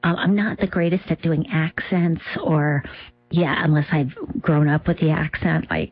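Self-deprecating woman comic from Minnesota; lowish, halting, dry studio sound. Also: steady tone, no room sound, phone-quality sound. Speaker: comedian guest. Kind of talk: casual interview talk.

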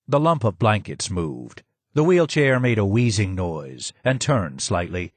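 A man reading a first-person memoir as an audiobook, in steady, measured storytelling. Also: fairly low pitch, husky, dry recording. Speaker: audiobook narrator. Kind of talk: scripted first-person narration.

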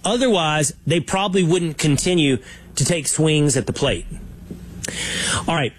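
A man hosting a casual talk show, wry and animated, stretching words out for emphasis. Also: fairly high pitch, a little slow, slightly rough. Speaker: podcast host.

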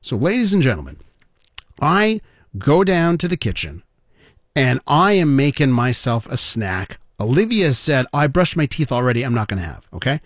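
A man hosting a talk radio show, telling a story in a playful, animated way and speaking straight to his listeners. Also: mid-range voice, moderate pace, no room sound, studio quality. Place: radio studio. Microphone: studio microphone.

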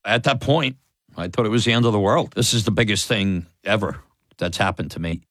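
A man telling a lively personal story, laughing and acting out the voices of others. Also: fairly low pitch, a little fast, dry recording, clean studio sound. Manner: animated, laughing, acts out quoted voices. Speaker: storyteller guest. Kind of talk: personal story told in an interview.

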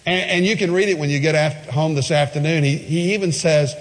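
A man's voice: a little high, brisk, hardly any pauses, in a large hall. Emphatic man preaching a sermon. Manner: emphatic storytelling, retelling a story with asides.

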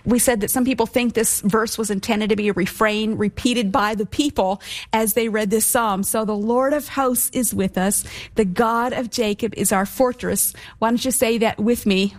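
A middle-aged woman gives a recorded Bible teaching, her voice sitting a little high. She reads scripture slowly and emphatically, then explains it phrase by phrase to her listeners. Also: fairly even intonation. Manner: slow, emphatic scripture reading.

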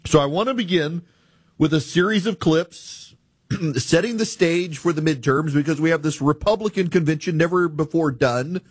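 Male talk host, slightly high, husky, casual commentary, dry close sound. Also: moderate pace, no room sound. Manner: conversational, restarts phrases.

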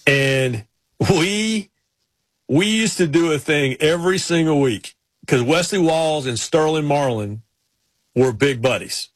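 Husky-voiced man on a sports talk show. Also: fairly high pitch, no echo. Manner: rambling, with quick restarts and folksy impressions. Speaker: radio sports show co-host. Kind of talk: casual storytelling chat.

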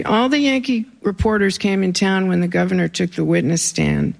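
Very gravelly voice, reading own stories out loud, dry deadpan asides. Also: mid-range voice. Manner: wry, deadpan asides between passages. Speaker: author reading their own writing. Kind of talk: live reading of memoir pieces.

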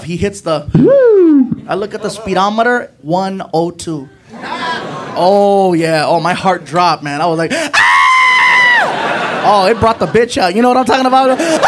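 A man doing stand-up storytelling, animated, acting out his friends' voices and laughing along. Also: high voice, moderate pace, shouting, over a noisy crowd, very noisy. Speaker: stand-up comedian.

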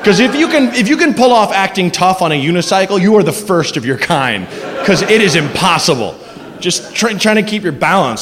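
A man doing a stand-up comedy set, animated and bursting into silly character voices. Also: high voice, brisk, a crowd in the background. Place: comedy club stage, live audience. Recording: live club with reverb and background noise.

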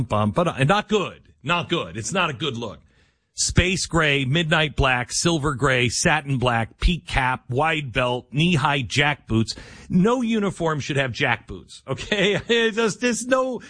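A man's voice: fairly low pitch, fairly bright tone, no room sound, clean studio sound. A man hosting a casual, sarcastic commentary monologue, rambling with restarts while at his computer. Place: dry room at his computer.

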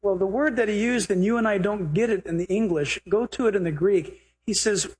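A male pastor preaching a sermon, animated and humorous, slipping into acted quotes. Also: high-pitched, fairly quick, hardly any pauses, husky. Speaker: pastor and Bible teacher.

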